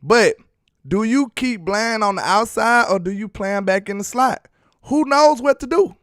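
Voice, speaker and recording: A man's voice: sits high, moderate pace, a bit bright, no room sound, studio quality. A man casually breaking down football film on a live stream, chatty and laughing as he teases his viewers. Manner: chatty, laughing, teasing the chat. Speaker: sports film-study streamer.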